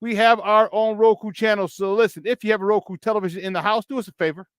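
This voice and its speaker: A man with a Chicago accent, hosting a morning sports talk show in a hyped, playful way, shouting out to his viewers. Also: sits high, steady tone, fast talker, smooth, no echo.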